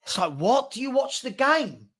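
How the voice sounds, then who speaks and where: A man's voice: very high-pitched, sing-song, moderate pace, fairly bright tone. A man hosting a live fan watchalong, giving blunt and exasperated running commentary on the match and answering viewers' comments from home. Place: at home with a dog.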